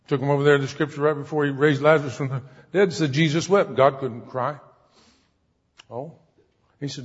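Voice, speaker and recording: Preaching to a congregation, a man talks conversationally, grows emphatic, and frequently poses questions to his listeners. His voice is a little high, steady, slightly rough and fairly quick, with frequent pauses. The recording is dull and lo-fi, with long hall reverb.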